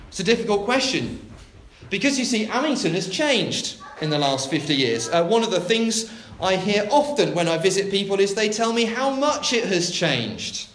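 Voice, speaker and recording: Animated preacher in echoey church. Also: male voice, high-pitched, a little hiss or hum. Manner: expressive, dramatic delivery with big pauses. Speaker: church minister. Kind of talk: sermon.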